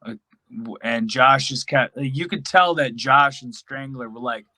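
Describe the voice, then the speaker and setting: A man's voice: medium pitch, unhurried, bright, forceful tone, dry recording, rough recording. A man as a guest on a chat show, telling a story in a rambling way full of "like". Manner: rambling, many "like" fillers.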